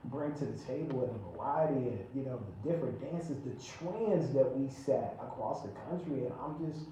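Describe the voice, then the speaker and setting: Excitable radio host in echoey room. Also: male voice, medium pitch. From Chicago. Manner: excitable, animated, drawn-out filler "man". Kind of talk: casual radio interview. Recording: very echoey room, distant mic, faint noise.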